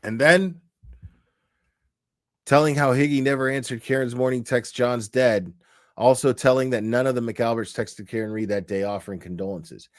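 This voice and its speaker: A man's voice: mid-range voice, moderate pace. A man ranting in casual commentary on a stream, swearing a lot and acting out the people he talks about. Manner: profane, animated, acts out quoted people.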